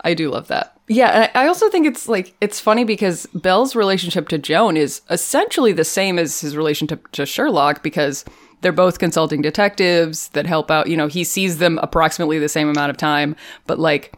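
A woman co-hosting a podcast, chatting casually about a TV episode, animated and laughing often. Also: sits low, fairly quick. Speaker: podcast co-host. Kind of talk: casual chat recapping a TV episode.

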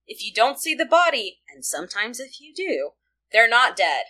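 A woman co-hosting a casual fan podcast, chatty and animated, with many fillers and asides. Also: on the high side, moderate pace. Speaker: podcast co-host.

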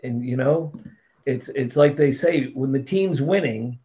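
A man's voice: mid-range voice, unhurried. Blunt, profane man telling stories. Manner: blunt, profane, animated storytelling. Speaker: podcast guest. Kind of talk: casual storytelling. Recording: dull lo-fi sound.

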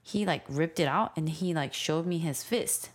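A woman in her thirties telling a story in casual chat, animated and full of "like" fillers. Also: sits low, normal speed. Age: 30s. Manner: animated storytelling, heavy use of "like".

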